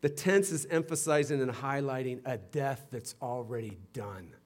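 Preaching at a moderate pace, a male pastor delivers a sermon that swings between loud, emphatic bursts and hushed, low passages, with playful asides like a teacher's.

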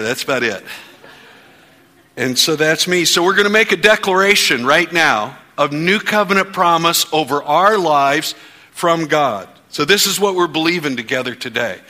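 A man's voice: on the high side, bright, forceful tone, in a large hall. A man preaching as pastor to his congregation, leading the room in fervent spoken declarations. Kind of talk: church sermon. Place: church sanctuary.

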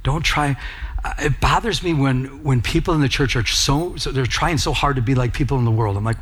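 A man's voice: mid-range voice, fairly quick, fairly bright tone, husky. A middle-aged man preaching a sermon as pastor, telling personal stories in an earnest, conversational way.

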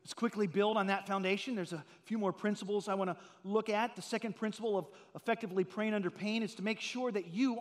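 A middle-aged pastor delivers a sermon with earnest storytelling that climbs to loud, emphatic peaks. His voice sits high for a man. The sound trails off in the long reverb of a big room. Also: fairly even intonation, fast talker, few pauses.

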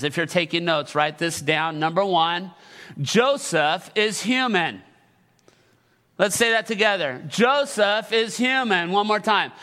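A middle-aged male pastor delivers a sermon in a high, bright voice. He preaches with passion and emphasis. He keeps calling out questions for the church to answer back. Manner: call-and-response with the congregation.

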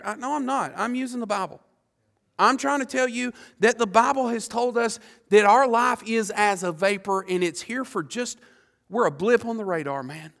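Male preacher, high gravelly voice, fervent sermon delivery with stammered repeats and sudden loud peaks. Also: normal speed. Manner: impassioned, repeats words, swings from quiet to loud.

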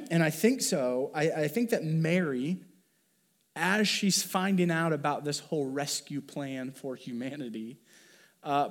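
A man preaching a conversational sermon as a pastor, informal and thinking aloud with restarts and asides. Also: medium pitch.

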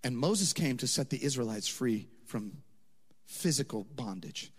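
A man's voice: medium pitch, animated, a little slow, slightly rough. A man preaching a sermon as a pastor, conversational and impassioned, rising to emphatic peaks. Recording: long hall reverb.

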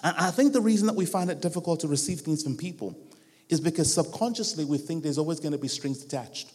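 Man preaching with a raised pitch in a reverberant hall. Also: fast talker, a little mellow, slightly rough. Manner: rhythmic repetition, acts out quoted voices. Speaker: guest preacher. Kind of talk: sermon. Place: church hall with a live band.

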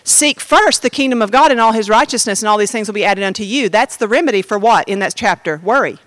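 A woman's voice: medium pitch, lively intonation, fast, a bit bright, no echo. A woman giving a personal testimony as a sermon, talking straight to the congregation in a conversational way. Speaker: preacher.

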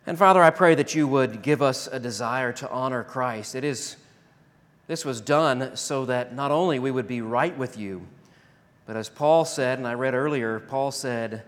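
A pastor delivering a sermon and closing prayer, rising to loud emphatic declarations and dropping to hushed, slow prayer. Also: male voice, mid-range voice. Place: church sanctuary. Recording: long reverb of a large hall.

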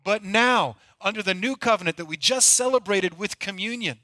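A man's voice: sits high, moderate pace, bright, forceful tone, no room sound. A middle-aged male pastor delivering a conversational, storytelling sermon.

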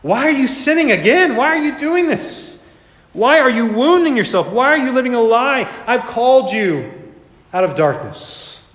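A man's voice: extremely high pitch, animated, moderate pace, fairly bright tone, pitched above the performer's own voice. A man voicing Jesus as a compassionate adult man who pleads with his listeners. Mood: pleading. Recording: echoey hall reverb.

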